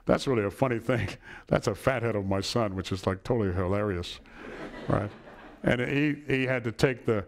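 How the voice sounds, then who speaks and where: A man's voice: fairly low pitch, moderate pace. A middle-aged man giving a personal lecture to an audience in a hall, telling family stories and checking in with "right?". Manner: warm storytelling, asks "right?" often.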